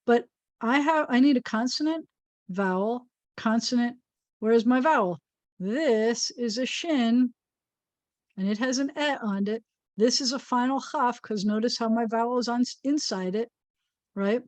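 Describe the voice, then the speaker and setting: A woman's voice: fairly high pitch, a little slow, dry recording. A woman rabbi teaching a Hebrew reading lesson, patiently explaining and sounding out words.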